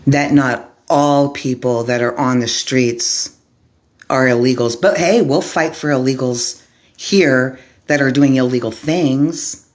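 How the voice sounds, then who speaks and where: A woman from Arizona giving an impassioned vlog monologue to camera, speaking slowly and deliberately in short, clipped lists. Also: extremely low pitch, fairly even intonation. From Arizona, USA. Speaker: vlogger, formerly homeless advocate.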